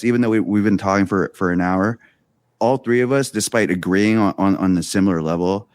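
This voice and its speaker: Man, podcast host, deep voice, thoughtful, casual chat. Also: no echo. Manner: quiet listener, short backchannels, thoughtful when he speaks.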